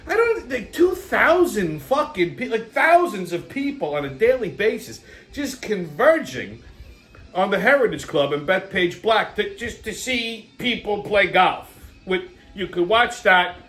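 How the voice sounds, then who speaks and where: A man's voice: high-pitched, very animated, a little slow, a bit bright. A middle-aged man, hosting a show and telling a rambling, blunt story full of swearing and fillers. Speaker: show host. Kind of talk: casual rambling monologue.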